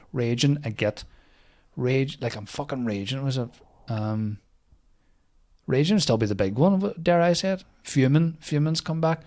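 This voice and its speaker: A young man hosts a comedy podcast, talking in a loose, rambling monologue. He swears freely and pokes fun at whatever he reads out. His voice sits in an ordinary middle pitch. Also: darkish tone.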